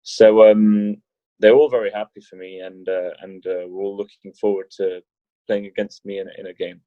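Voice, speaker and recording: A man's voice: fairly low pitch, little pitch movement, moderate pace, dry recording. A man talking as a podcast guest in casual interview chat, rambling with restarts and joking. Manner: rambling, many restarts and fillers, jokey. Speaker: podcast guest, wheelchair rugby league player. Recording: dull lo-fi podcast audio.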